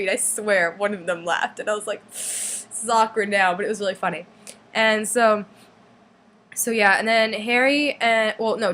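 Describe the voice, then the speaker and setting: A teenage girl telling a long story in a casual vlog, excited and rambling, with many fillers. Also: medium pitch. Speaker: vlogger.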